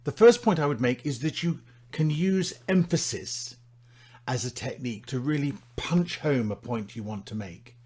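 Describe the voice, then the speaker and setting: A husky man teaches public speaking in a clear instructional way. He acts out his own advice, swinging between loud and very quiet and holding dramatic pauses. His pitch sits in an ordinary middle range. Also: expressive. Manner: demonstrates his points with big swings in volume and dramatic pauses. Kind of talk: instructional presentation.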